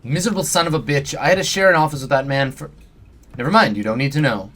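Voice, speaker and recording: A man's voice: fairly high pitch, fast, fairly bright tone. A man voicing an impatient, exasperated male fixer with a sarcastic manner. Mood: irritated. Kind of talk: reading game dialogue aloud.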